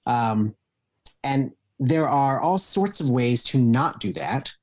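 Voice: medium pitch, lively intonation, slow, darkish tone. A podcast guest in casual chat, explaining things at length with many fillers. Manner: explanatory, full of ums, laughs easily.

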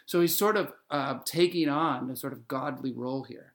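Gravelly man discussing and reading poetry. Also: on the high side. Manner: playful, animated explainer, reads verse slowly. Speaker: literature scholar.

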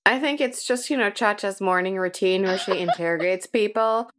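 A woman at a tabletop game table talks in a relaxed, playful way, joking as she describes what her character does. Her voice sits at an ordinary middle pitch. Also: moderate pace. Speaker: player. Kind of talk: casual tabletop game play.

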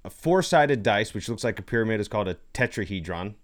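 A man with a fairly low voice talks in a loose, rambling way, full of fillers and restarts. He jokes around in casual chat as a podcast co-host. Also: lively intonation, fast. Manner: playful, jokey.

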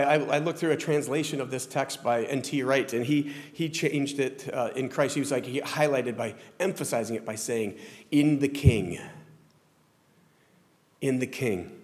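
A man's voice: mid-range voice, moderate pace. A male pastor with a Southern American accent giving a conversational, self-deprecating sermon in a church sanctuary. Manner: conversational, self-deprecating preaching with frequent restarts. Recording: long hall reverb.

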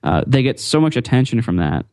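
A man's voice: medium pitch, very animated, fairly quick, darkish tone, dry recording, studio quality. Rambling man on a tech podcast. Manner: rambling, repeats words, frequent fillers. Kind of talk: casual tech podcast chat.

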